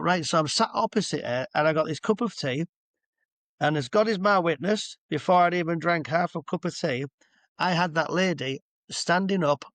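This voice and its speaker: A man's voice: fairly high pitch, fairly bright tone, no room sound. Chatty man in his sixties. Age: 60s. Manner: chatty, rambling, stops to explain asides. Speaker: clinical hypnotherapist guest. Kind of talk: casual anecdotal storytelling. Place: at home with a dog nearby.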